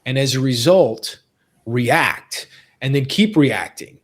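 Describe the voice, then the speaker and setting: A man's voice: mid-range voice, expressive, takes it slowly. A man hosting a podcast in casual conversation, talking earnestly and repeating phrases for emphasis. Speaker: podcast host.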